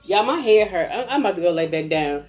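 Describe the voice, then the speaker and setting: A woman, a mother, telling a comic story in a casual rant, animated and acting out other people's voices. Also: fairly low pitch, fast talker, dull audio, faint music behind.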